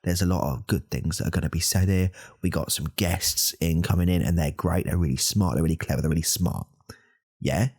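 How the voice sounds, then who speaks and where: A man's voice: a little fast, a little mellow. A man, voicing a self-important, insecure male podcaster in a whispered role-play who rambles and corrects himself. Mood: boastful. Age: 30s. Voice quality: gravelly, husky low voice. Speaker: podcast host.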